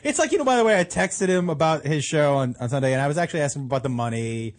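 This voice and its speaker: A man hosting a talk show, teasing his guests and telling quick stories in casual banter. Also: fairly high pitch, lively intonation.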